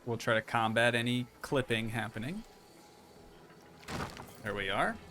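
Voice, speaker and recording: A man's voice: medium pitch, measured pace, noisy background. Chatty young man streaming a building game. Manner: relaxed, chatty, thinking aloud while building. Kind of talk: casual gameplay commentary.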